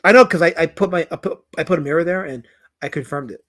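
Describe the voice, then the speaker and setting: A man's voice: fairly high pitch, quick pace, fairly bright tone. A man streaming live as a comic creator, reading out chat comments in a rambling way that is full of stuttered repeats.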